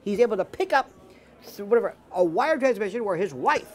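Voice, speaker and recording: A man's voice: high voice, a little fast. A man in a casual dinner table conversation, telling stories with lots of acted-out quotes. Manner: animated storyteller, acts out quotes in voices. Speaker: political commentator guest.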